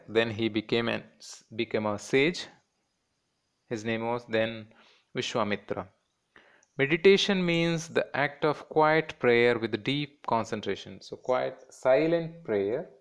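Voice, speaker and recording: Man, Indian English accent, teacher, very slow pace, patient, repeats words, mid pitch. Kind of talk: classroom lesson for children.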